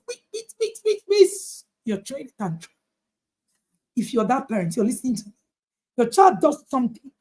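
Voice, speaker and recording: A woman's voice: sits high, darkish tone. A woman parenting coach giving a motivational talk to parents, emphatic, repeating her points and asking rhetorical questions.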